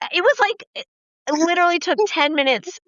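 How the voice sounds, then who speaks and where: A woman hosting a podcast, telling profane, lively stories in casual chat and acting out the quoted lines. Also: extremely high pitch, dry recording. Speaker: podcast host. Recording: dull, dry lo-fi podcast audio.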